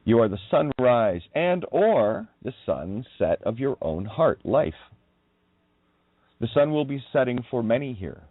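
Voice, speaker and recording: A man's voice: medium pitch, sing-song, unhurried, no echo. A man hosting a radio show, talking through a wandering, emphatic monologue on word meanings and swearing when riled. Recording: tinny phone-like line.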